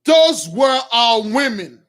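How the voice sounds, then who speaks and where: A man's voice: extremely high pitch, sing-song, takes it slowly, fairly bright tone. A man preaching, retelling a story to his listeners and addressing them as brothers. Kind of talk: sermon storytelling.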